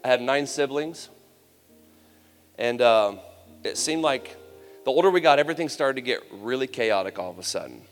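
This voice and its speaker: A man's voice: medium pitch, expressive, moderate pace, long pauses. A man giving a personal testimony sermon at a youth camp, telling his story in a candid, conversational way with humor. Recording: long hall reverb, faint music.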